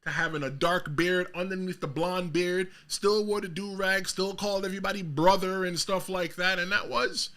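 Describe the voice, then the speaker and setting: Bright-voiced man hosting a wrestling podcast. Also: high voice, normal speed, hardly any pauses. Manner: animated, rambling, self-correcting, bursts of quoting voices. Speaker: podcast host. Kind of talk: casual solo commentary.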